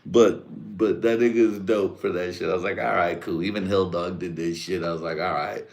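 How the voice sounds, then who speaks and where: Very deep-voiced man ranting crudely. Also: fairly even intonation, a little fast, a little mellow. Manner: rambling, crude, laughs at own jokes. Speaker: livestream host. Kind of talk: casual profane livestream rant.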